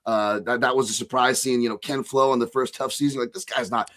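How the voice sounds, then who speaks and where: A man's voice: mid-range voice, steady tone, fairly quick, fairly bright tone. A man from Hawaii talking casually as a fight analyst on a podcast, rambling with lots of restarts. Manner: rambling, restarts, frequent "right?".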